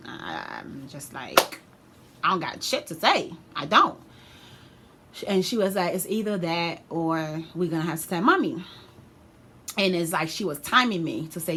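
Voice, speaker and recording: Young woman vlogger, lowish voice, animated slangy storyteller, light background noise. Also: moderate pace. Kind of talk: storytime vlog.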